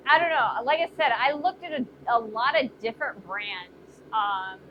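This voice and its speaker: This woman's voice is fairly high, and she keeps a moderate pace. As she forges in her workshop, the blacksmith chats casually on her live stream, thinking aloud and answering comments from viewers, all captured in dull lo-fi sound with faint noise.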